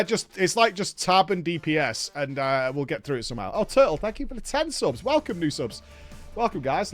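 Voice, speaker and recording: High-voiced profane streamer telling a story. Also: male voice, a bit bright. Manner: rambling, profane, breaks off to thank viewers. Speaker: streamer and show host. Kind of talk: casual live-stream storytelling.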